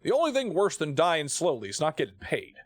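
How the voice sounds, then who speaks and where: A man voicing a gruff, cynical male spaceship crewman in a video game, grumbling bluntly. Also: on the high side, huge pitch swings, fairly quick, no room sound.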